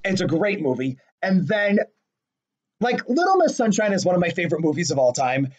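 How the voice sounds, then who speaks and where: A man with a notably high-pitched voice talks through his favorite movies in a relaxed conversation. He gushes, pokes fun at himself, and breaks into laughter often. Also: brisk. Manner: gushing and self-deprecating, laughs often. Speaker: podcast co-host. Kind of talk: casual chat about favorite movies.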